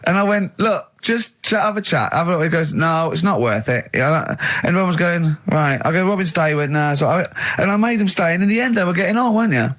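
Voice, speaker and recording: Lively, laughing male radio host. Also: on the high side, fast talker, hardly any pauses. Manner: animated storytelling, mimics friends, laughs a lot. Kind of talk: comic radio banter.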